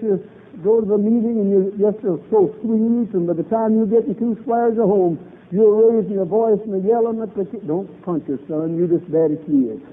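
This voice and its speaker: A man preaching a revival sermon, fervent and emphatic, repeating lines for emphasis. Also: high-pitched. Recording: tinny old lo-fi recording.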